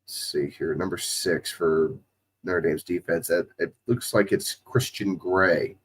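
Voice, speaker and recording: A man's voice: low-pitched, a little slow, husky. A man with a slight Southwest Ohio drawl who is getting over a cold, doing casual, profane play-by-play and chatting as a streamer. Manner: casual and profane, calling plays excitedly. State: recovering from a cold. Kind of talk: casual play-by-play commentary and chat.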